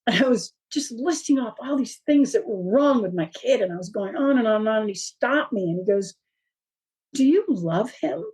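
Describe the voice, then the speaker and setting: A woman guest, a parent of three, talking in a casual interview as an animated storyteller who fills her talk with fillers and laughs. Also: fairly high pitch, fairly quick, few pauses, husky, rough recording.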